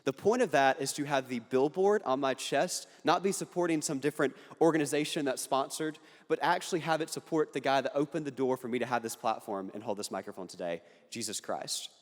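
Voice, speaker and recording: A young man addresses a crowd from the stage with earnest conviction, mixing quick jokes into his points. His voice sits at an ordinary pitch, and the long reverb of a big hall trails behind every line. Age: young adult. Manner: earnest, punchy delivery with jokes. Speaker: political speaker. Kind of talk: speech to an audience. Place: large hall on a university campus.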